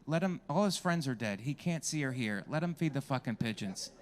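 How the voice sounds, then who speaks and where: A man's voice: mid-range voice, animated, fairly quick. A man doing a stand-up comedy set on a club stage, brash and crowd-working, swearing freely into a handheld mic.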